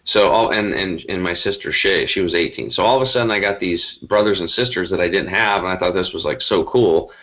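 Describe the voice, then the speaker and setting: A man with a deep, low voice tells his story as a guest. He rambles and talks in an animated, emphatic way. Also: a little fast, hardly any pauses, poor audio. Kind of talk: conversational storytelling.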